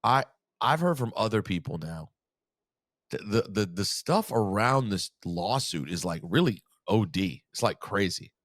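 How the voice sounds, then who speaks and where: A man talks loosely on a podcast, his voice sitting on the low side. The sound is dry and close, with no room around it. He rambles and slips in teasing jabs. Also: big pitch swings, unhurried, a bit bright, dry recording. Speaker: podcast co-host. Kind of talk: casual chat. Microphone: studio podcast mic.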